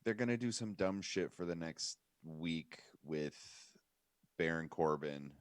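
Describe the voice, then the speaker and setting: A man with an extremely deep voice chats casually as a podcast co-host. He is blunt and opinionated and swears freely. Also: lively intonation, measured pace, no echo, clean studio sound. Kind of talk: casual chat.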